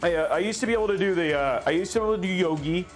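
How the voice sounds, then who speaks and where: A man's voice: high-pitched, rapid-fire, faint music behind. A young man hosting a live stream, chatting casually with frequent laughs and reading chat aloud in a rambling way. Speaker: livestream host building a PC.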